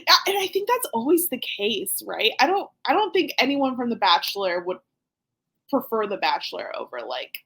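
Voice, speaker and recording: A high-voiced woman hosts a podcast in a loose, chatty way. She talks with lively energy and breaks into laughter often. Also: normal speed, slightly rough. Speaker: podcast host. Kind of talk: casual recap chat.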